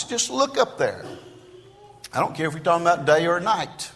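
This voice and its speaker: A man preaches a sermon in a church with a bright, forceful tone. He moves between hushed asides and loud declarations, with a lively, swinging pitch. His voice carries a long reverb from the hall. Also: unhurried. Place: church sanctuary.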